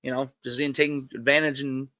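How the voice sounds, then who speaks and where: A man's voice: medium pitch, level tone, fairly quick, pushed and bright, no room sound, studio quality. A man co-hosting a live sports talk show, speaking emphatically in casual chat and calling others dude and bro.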